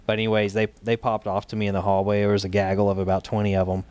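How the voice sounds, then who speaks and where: A man with a slightly low voice and a drawl, talking as an interview guest. He tells his story in loose, rambling runs, with many "uh"s and restarts along the way. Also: completely flat delivery, very fast, darkish tone, clear, resonant tone, no room sound. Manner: talks in loose runs with frequent fillers and restarts. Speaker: guest, state director of a gun rights group.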